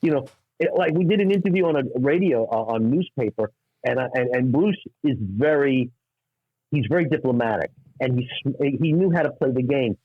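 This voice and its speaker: A middle-aged man from New York, a stand-up comic telling anecdotes in an animated way and acting out the people in them. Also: mid-range voice, dry recording, phone-quality sound. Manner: acts out voices in anecdotes, quick asides. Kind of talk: animated storytelling.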